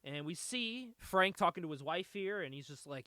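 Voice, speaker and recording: High, lively man chatting about comics. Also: moderate pace, few pauses, no echo. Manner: animated, laughs often, swears freely. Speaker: podcast host. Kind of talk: casual comic book chat.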